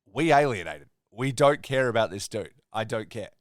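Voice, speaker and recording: A man's voice: mid-range voice, lively intonation, normal speed, no room sound, clean studio sound. A man co-hosting a wrestling podcast, ranting in casual, profane chat. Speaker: podcast co-host.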